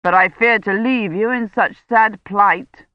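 A woman's voice: mid-range voice, unhurried, no room sound, highs cut off, pitched above the performer's own voice, close to an everyday voice. A woman voicing a boastful young male knight who tells his tale in a grand, declaiming tone.

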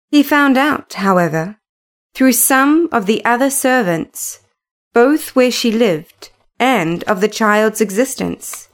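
A woman reading a classic novel aloud as narrator, in an unhurried, measured storytelling manner. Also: fairly high pitch.

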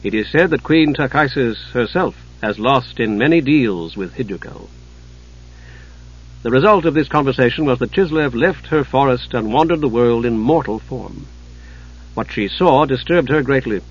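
Husky male storybook narrator. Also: mid-range voice, lo-fi sound.

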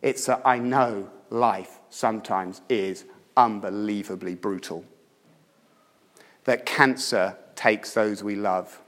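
Emphatic male preacher in a reverberant hall. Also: fairly low pitch. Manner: emphatic storytelling, swinging from loud urging to hushed tones. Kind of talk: sermon. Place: church.

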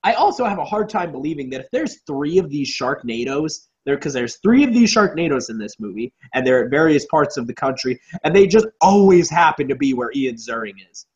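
A man's voice: a little high, fairly quick, few pauses. Sarcastic man riffing on a bad movie. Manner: sarcastic, swears freely, animated. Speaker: podcast co-host. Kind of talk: casual movie review chat. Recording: dull lo-fi audio.

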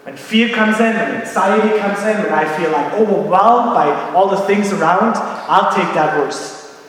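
A man's voice: high-pitched, moderate pace, fairly bright tone. A man preaching a sermon as pastor, earnest and personal, acting out little bits of dialogue. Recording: echoey hall, distant mic.

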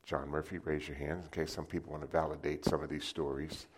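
A man preaching a sermon, telling lively stories and acting them out with sound effects. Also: a bass voice, a little fast, slightly rough. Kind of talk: sermon with storytelling.

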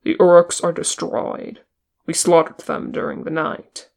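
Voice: medium pitch, level tone, unhurried, gravelly, a little mellow. A reader voicing a proud, suspicious male horse-lord captain with a guarded, bitter manner in an audiobook. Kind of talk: audiobook character reading.

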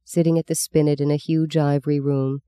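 Male audiobook narrator, measured storyteller, slightly higher voice, dry studio sound. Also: level tone, mellow, clean tone, no room sound.

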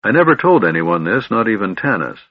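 Guy doing a bitter young knight, grave and broody, low voice, kinda dull lo-fi audio. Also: big pitch swings, brisk, slightly rough, no room sound. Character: bitter, honor-bound young human knight.

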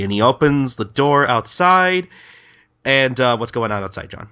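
A man's voice: mid-range voice, sharp tone, muffled recording. A man co-hosting a podcast, casually retelling manga scenes with lots of ums and uhs. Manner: retells scenes with quick voiced quotes, many fillers. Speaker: podcast co-host. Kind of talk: casual chat recapping a manga.

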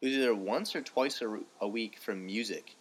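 A man's voice: fairly low pitch, moderate pace, slight background noise. A young man co-hosting a podcast in casual chat, laid-back and reacting with short quips. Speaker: podcast co-host.

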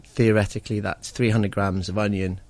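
A man's voice: lowish voice, flat delivery, fairly quick, darkish tone. A man chatting casually on a radio show about food and diets, rambling and enthusiastic, with lots of fillers and restarts. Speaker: guest cook.

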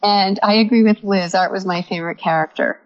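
A woman's voice: mid-range voice, fairly even intonation, a little fast, no echo, muffled recording. A woman chatting on a podcast panel, laughing easily. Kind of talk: casual podcast chat.

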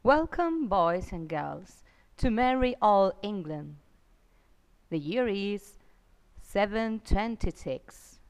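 A woman narrating a children's story in a slow, emphatic, exaggerated way. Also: medium pitch, expressive, clear, resonant tone. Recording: long reverb.

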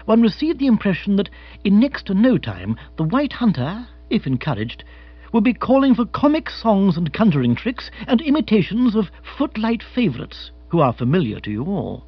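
A man narrates a comic novel with expressive, animated delivery. His voice sits fairly high and swings widely, with a husky grain. The recording is dull and lo-fi. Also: normal speed, no room sound. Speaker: audiobook narrator.

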